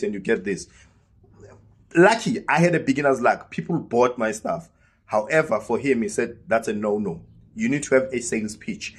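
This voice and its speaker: A man's voice: mid-range voice, slightly rough. A South African man casually telling a personal story, acting out the dialogue as he goes. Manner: lively storyteller who acts out quoted dialogue. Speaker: vlogger.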